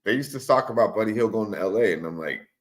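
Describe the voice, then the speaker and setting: Laid-back male stream co-host, deep and animated, swears freely. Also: fast talker. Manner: loose, profane, swings high when excited. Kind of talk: casual live-stream chat.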